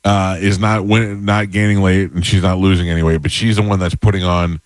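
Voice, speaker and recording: A man telling crude jokes and stories in casual deadpan banter, as a podcast co-host. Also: deep voice, brisk, no room sound. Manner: deadpan, jokey storyteller.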